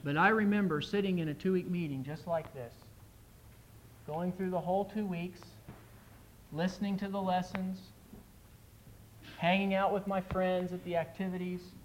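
An earnest male preacher delivers a sermon with emphasis. His voice sits somewhat higher than most men's. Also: steady tone, normal speed, long pauses, slight background noise, rough recording.

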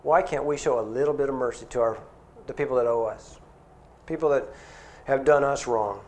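A middle-aged man delivers a sermon at an ordinary, mid-range pitch. His preaching is earnest and conversational, and he often turns to rhetorical questions. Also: moderate pace.

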